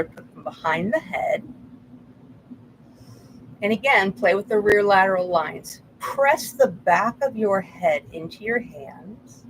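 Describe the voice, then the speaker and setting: Calm woman guiding a yoga class. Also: lowish voice, slight background noise, low-quality recording. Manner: calm, gently cueing breath and movement, with small laughs. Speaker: yoga instructor. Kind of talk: guided movement instruction.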